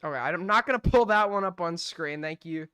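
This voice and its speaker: A man's voice: a little high, a little fast, sharp tone, clean tone, dry recording, clean studio sound. A man hosting a live stream, arguing bluntly and swearing as he defends his calls. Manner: blunt, argumentative, swears freely. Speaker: streamer host. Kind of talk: heated live-stream commentary.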